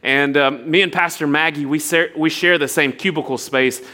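A young adult pastor preaches a sermon at normal speed in a fairly high voice. He mixes storytelling and animated impressions of others with earnest appeals.

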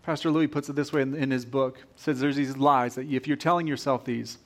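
A male pastor delivering a sermon in an animated way, repeating phrases for emphasis. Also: medium pitch, brisk.

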